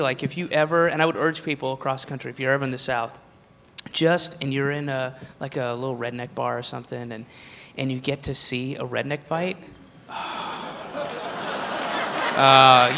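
A man's voice: a little high, pushed and bright, a little hiss or hum. A man doing a stand-up comedy routine, rambling and profane, with laughing asides. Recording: live room with long reverb.

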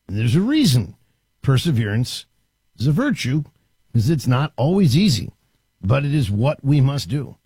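A man hosting a talk radio show from a studio, delivering an animated, emphatic monologue with frequent restarts. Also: a little high, unhurried, slightly rough, dry recording.

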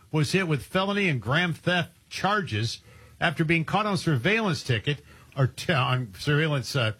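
A man's voice: fairly high pitch, fairly bright tone, breathy edge. A man co-hosting a talk radio show, reading news stories and adding wry, sarcastic comments. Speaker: radio co-host.

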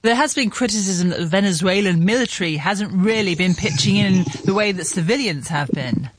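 A man presenting the news, reading reports in a measured, serious way and questioning a correspondent. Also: sits high, animated, breathy edge, dry recording. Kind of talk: scripted news reading and interviewing.

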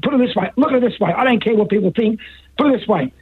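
Man, caller, high raspy voice, rambling and repetitive, muffled line. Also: fast. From Australia. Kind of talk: talk radio call.

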